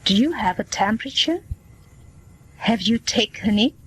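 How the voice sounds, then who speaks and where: A woman's voice: a little high, expressive, breathy edge, poor audio. A woman reading as a kindly family doctor. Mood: reassuring. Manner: slow, plain reading voice. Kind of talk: scripted dialogue for learners.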